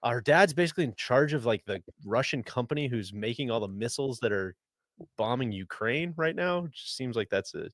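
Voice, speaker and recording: A man's voice: mid-range voice, animated, fairly quick, a bit bright, dry recording, clean studio sound. A man hosting a casual golf podcast, chatting and reading an ad. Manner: conversational, reads ad copy. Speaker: podcast host.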